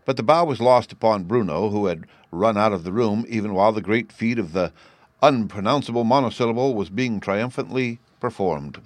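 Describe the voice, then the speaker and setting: Low-voiced man narrating a classic novel. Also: dry recording. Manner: measured, storytelling. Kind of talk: audiobook reading of a classic novel.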